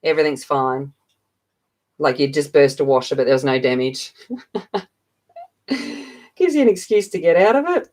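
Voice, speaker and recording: A woman's voice: low-pitched, moderate pace, pauses often, a little mellow. Giggly Australian woman chatting live. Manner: playful, giggly, laughs often. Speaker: livestream host. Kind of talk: casual chat with viewers while colouring.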